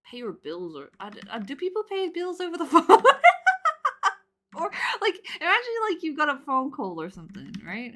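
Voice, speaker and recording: Young woman streamer rambling and laughing a lot, bright voice, pitch all over the place. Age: 20s. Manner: rambling, filler-heavy, laughs loudly and often. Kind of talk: casual chat while drawing on stream.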